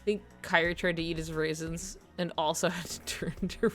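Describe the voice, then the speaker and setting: A woman's voice: fairly low pitch, little pitch movement, normal speed, fairly bright tone, soft background music. A young woman streamer chatting casually while she plays, rambling with lots of fillers and frequent giggles. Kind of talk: casual chat while gaming.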